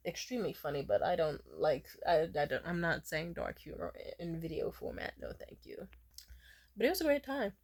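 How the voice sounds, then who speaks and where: A young adult woman telling a casual storytime vlog, chatty and profane, squealing high when she acts out other people. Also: sing-song, normal speed. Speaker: vlogger.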